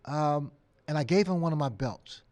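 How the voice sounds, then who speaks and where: A man in his sixties, a guest in a casual interview, telling stories with lively acted-out quotes and frequent laughs. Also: on the high side, moderate pace, no echo. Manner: animated storyteller, acts out quotes, laughs often.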